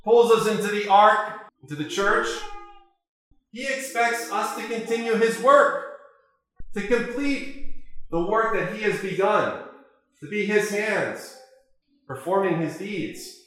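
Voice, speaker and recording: A man preaching a sermon as an Orthodox priest, measured and full of rhetorical questions. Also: high-pitched, fairly bright tone. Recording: very echoey church.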